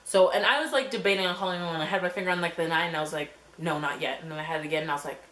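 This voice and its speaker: A young woman telling a story on her vlog in a scattered, animated way, filled with fillers and acted-out quotes. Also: lowish voice, rapid-fire. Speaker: vlogger. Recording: echoey room with faint hum.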